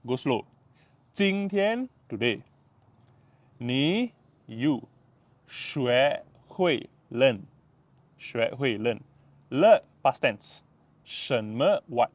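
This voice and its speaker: A patient man with a Malaysian English accent walks through a casual vlog lesson, sounding out each word. His delivery is unhurried, and his pitch swings widely. The voice is close and dry, with almost no room sound. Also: animated, dry recording. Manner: patient, repeats words slowly, tags sentences with "lah" and "ah". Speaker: language tutor.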